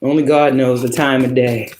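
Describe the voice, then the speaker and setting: A man's voice: medium pitch, steady tone, normal speed, roomy sound, noisy background. A man giving a casual tarot reading, emphatic and profane, often laughing as he talks. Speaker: tarot reader.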